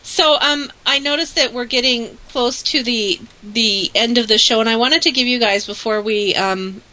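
A woman hosting a casual talk show with a bright, forward tone. She chats in an upbeat, easygoing way. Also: on the high side, normal speed, low-quality recording. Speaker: host. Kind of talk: casual radio-style chat.

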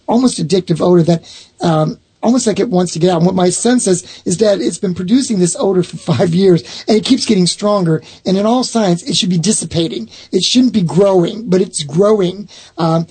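A middle-aged man with a husky, gravelly voice tells a long personal story. He rambles along and often stops to restart his sentences. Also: high voice, brisk, darkish tone. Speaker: owner of a haunted box, guest. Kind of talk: storytelling in a casual chat.

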